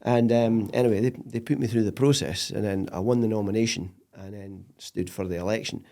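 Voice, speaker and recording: Animated Scottish man telling stories. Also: lowish voice, a little fast, vocal fry. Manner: animated storyteller, laughs often. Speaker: podcast guest. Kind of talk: casual interview chat.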